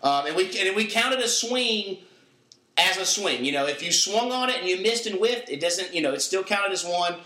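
A man's voice: sits high, lively intonation, moderate pace, sharp tone, reverberant, poor audio. A young man hosting a podcast, telling a rambling story with restarts in casual chat. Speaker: podcast host.

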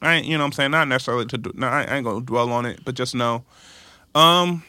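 A man co-hosting a podcast, talking reflectively and haltingly about honesty. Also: mid-range voice, sharp tone, smooth, no echo. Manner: reflective, halting, with many fillers and restarts. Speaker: podcast co-host. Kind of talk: candid podcast conversation.

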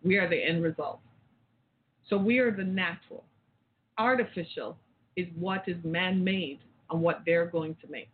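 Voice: medium pitch, moderate pace, slight background noise. A caller giving an impassioned, rambling rant, repeating phrases and firing off rhetorical questions. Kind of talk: impassioned talk-show rant. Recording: tinny phone line.

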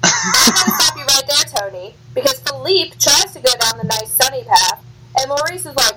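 A woman's voice: sits high, lively intonation, a little fast, over a noisy crowd, low-quality recording. A woman co-hosting a casual film-recap chat, blunt and sassy, swearing freely. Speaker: podcast co-host.

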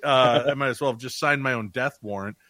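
A man, a paranormal investigator, telling funny stories in casual talk and jumping high when he quotes others. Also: brisk, no room sound. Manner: animated storyteller, jumps high for quoted voices.

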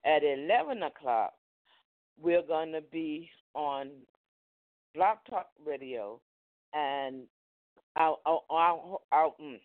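A man hosts a live ministry program, running through announcements in a loose, chatty way and dropping amens and hallelujahs throughout. His voice sits a little high. The sound is thin and narrow, like a phone line. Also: expressive, takes it slowly, long pauses. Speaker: ministry host and preacher.

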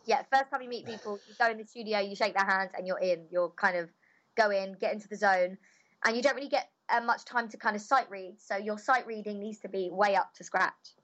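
A woman's voice: mid-range voice, fairly quick, a bit bright. A cheerful young woman, a voice actor answering interview questions in a chatty, bubbly way.

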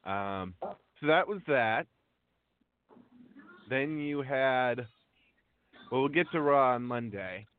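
A man hosts a casual wrestling talk show, speaking slowly and filling pauses with ums as he works through lists of names. His voice is mid-pitched and comes over a narrow, tinny phone connection. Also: expressive, slight background noise. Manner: unhurried, reads out lists of names with frequent ums. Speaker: wrestling news podcast host. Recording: tinny phone-line audio.

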